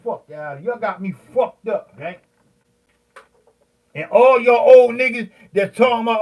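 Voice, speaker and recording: A man in his fifties, a beat maker, ranting heatedly at his viewers, profane and rambling, with many fillers and pauses. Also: high voice, lively intonation. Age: 50s.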